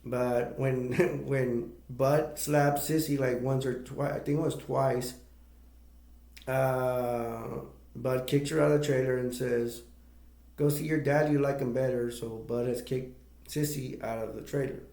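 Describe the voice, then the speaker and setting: A man walks through a movie's story in a loose, rambling recap, often backing up to fix a detail. His voice has a gravelly edge and stays fairly level in pitch. The sound bounces around an echoey room. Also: fairly even intonation, a little mellow. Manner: rambling, halting retelling with self-corrections. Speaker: movie reviewer. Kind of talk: casual plot recap.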